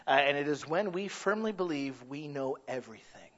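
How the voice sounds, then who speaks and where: Pastor, male, middle-aged: earnest conversational sermon, slightly high voice, dull lo-fi recording. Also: animated, normal speed, hardly any pauses, fairly bright tone. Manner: earnest, conversational preaching with restarts and asides.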